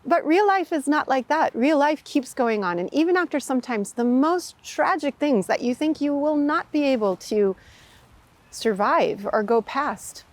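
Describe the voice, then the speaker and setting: A woman meditation teacher telling a story and giving a spiritual talk in a lively, expressive way. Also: high-pitched, normal speed.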